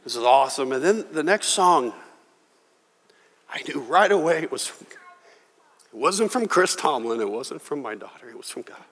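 A middle-aged man preaching a sermon as pastor, earnest and emotional, often halting and restarting his words. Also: on the high side, animated, a bit bright, slightly rough. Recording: long reverb of a church hall.

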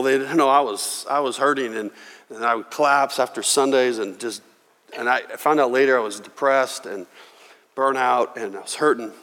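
A middle-aged man preaching a sermon as pastor, earnest and emotional, often halting and restarting his words. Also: medium pitch, a bit bright. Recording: long reverb of a church hall.

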